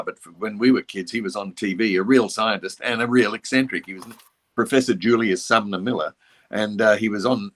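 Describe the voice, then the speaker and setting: An older man with an Australian accent and a slightly low voice. He talks reflectively as an interview guest, circling back and restarting as he recalls old stories. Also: a bit bright. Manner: reflective and anecdotal, with frequent restarts. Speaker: voice actor guest. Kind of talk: casual interview chat.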